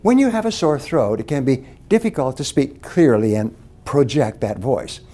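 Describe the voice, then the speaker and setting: A man's voice: medium pitch, animated, normal speed, dark tone. A man giving a motivational speech on speaking skills, stressing key words emphatically.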